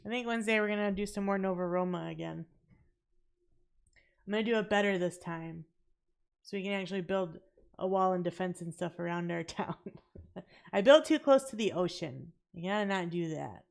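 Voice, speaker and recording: A sleepy woman streamer with a raspy voice, chatting casually to her chat and to herself as she plays. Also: on the low side, normal speed, long pauses. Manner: chatty, talks to chat and herself, laughs often.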